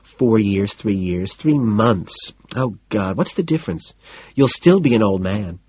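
A man's voice: fairly low pitch, lively intonation, a little slow, a little mellow, breathy edge, no room sound, dull audio. A man putting on a gushing, petulant society woman. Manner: breathless, gushing, whiny.

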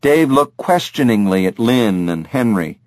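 A man's voice: mid-range voice, expressive, unhurried, no room sound. A man reading an audiobook in a scripted narration style.

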